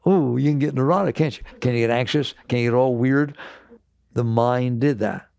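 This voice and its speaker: Creaky-voiced man giving a spiritual talk. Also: mid-range voice, moderate pace, a little mellow, no echo. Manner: emphatic, repetitive, rhetorical questions. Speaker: spiritual teacher.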